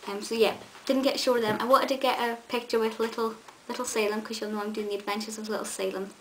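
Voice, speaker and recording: A woman's voice: a little high, level tone, quick pace, a bit bright, rough recording. A young woman, chatting eagerly to camera in a vlog, with many ums and restarts. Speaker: vlogger. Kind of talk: casual chat to camera. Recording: faint hiss.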